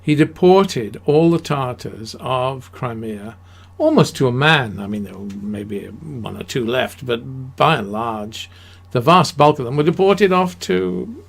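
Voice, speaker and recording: Male history talker, gravelly and slow-paced, loose and emphatic, restarts a lot. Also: mid-range voice, expressive. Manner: rambling, emphatic, with many fillers and restarts. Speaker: history lecturer. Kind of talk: unscripted history talk.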